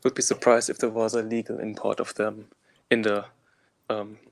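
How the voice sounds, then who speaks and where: A man from Germany with a German accent, a guest answering interview questions in a measured, hesitant way. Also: lowish voice, flat delivery, gravelly, rough recording. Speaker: guest invertebrate keeper.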